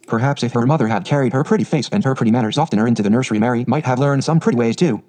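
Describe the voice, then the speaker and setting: A man narrating a storybook in a steady, even reading. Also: medium pitch, very fast, hardly any pauses, rough recording. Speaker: audiobook narrator.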